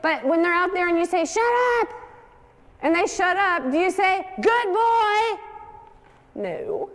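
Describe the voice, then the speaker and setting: Woman, dog trainer, high voice, direct and coaxing, reverberant hall. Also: normal speed, fairly bright tone. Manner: direct, coaching, talks to dogs in a sing-song. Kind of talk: hands-on class instruction.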